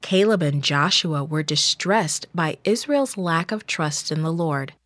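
A woman reading a Bible story for children in a slow, measured, gentle manner. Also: low-pitched, expressive, no echo.

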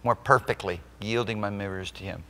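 A man's voice: lowish voice, brisk, in a large hall, a little hiss or hum. Emphatic male pastor preaching a sermon. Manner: emphatic preaching, swinging between loud exclamations and soft intimate asides; rhetorical check-ins with the congregation. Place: church sanctuary during a live service.

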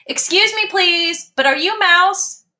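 A woman's voice: extremely high pitch, slow pace, bright, forceful tone, pitched above the performer's own voice, exaggerated voice. A woman voicing an eager, polite little kitten. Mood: politely eager.

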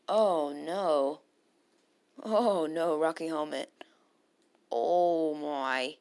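A woman casually commentating her own game battles, muttering to herself and bursting into loud cheers. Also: low-pitched, extremely slow, long pauses.

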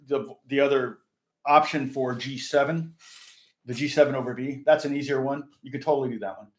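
An older man casually teaching a guitar lesson, rambling and chatting with viewers as he goes. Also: fairly high pitch. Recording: echoey room with guitar playing.

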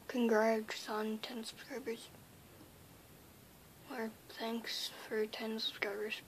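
A woman vlogging casually to camera, hyper and playful, swinging between loud pleas and whispers. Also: a little high, little pitch movement, slow, long pauses, a little hiss or hum.

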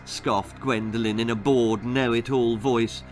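Lively, slow storytelling man. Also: medium pitch, soft background music. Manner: expressive, dramatic storytelling. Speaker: author reading his own story. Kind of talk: storybook narration.

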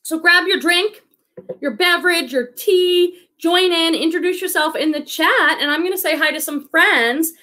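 A woman's voice: extremely high pitch, normal speed, sharp tone. A woman hosting a live reselling stream in a bubbly, enthusiastic chat, a little out of breath. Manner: bubbly, enthusiastic, addresses viewers as friends. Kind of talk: chatty livestream hosting.

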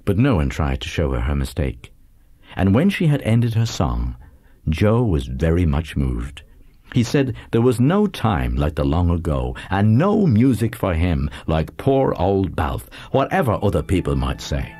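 A man narrating a literary audiobook in a measured, lively reading. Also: sits low, husky, no room sound.

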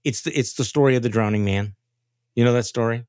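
A man's voice: medium pitch, quick pace, a little mellow, clear, resonant tone, no echo. A man hosting a political podcast, telling stories in a folksy way with many restarts and fillers. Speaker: podcast host.

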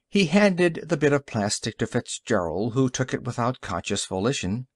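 A man narrating an audiobook story in an expressive, varied reading. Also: medium pitch, normal speed, hardly any pauses, dry recording, studio quality. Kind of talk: scripted narration.

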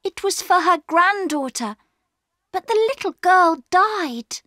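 A woman's voice: extremely high pitch, expressive, slow, pushed and bright, no echo, clean studio sound, voice pushed up, exaggerated voice. Woman doing an eager, pleading young girl.

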